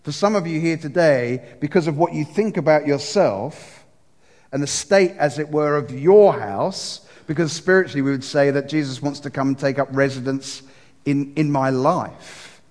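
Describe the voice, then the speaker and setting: A man's voice: on the high side, moderate pace, darkish tone. A man preaching an earnest sermon, telling a story and acting out the voices in it. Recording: long hall reverb.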